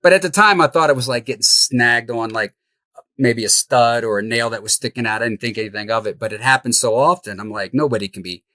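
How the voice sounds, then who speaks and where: A middle-aged man telling a story as an interview guest, animated and laughing as he goes. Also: mid-range voice, a little fast, no echo. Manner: animated, laughs through the tale. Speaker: podcast guest, house flipper.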